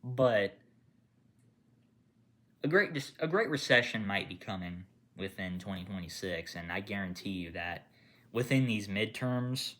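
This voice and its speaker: Man, profane unscripted rant, bright tense voice, very lively pitch, mutters then yells. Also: a little slow. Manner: angry, profane, rambling with restarts; swings from mutters to loud outbursts. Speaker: gaming channel creator. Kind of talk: unscripted political rant to camera.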